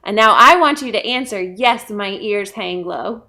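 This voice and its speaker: A woman's voice: mid-range voice, lively intonation, unhurried, few pauses, sharp tone. A woman, a children's librarian, leading a pre-k story time and talking directly to small children in a playful, encouraging way. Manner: playful, acts out animals.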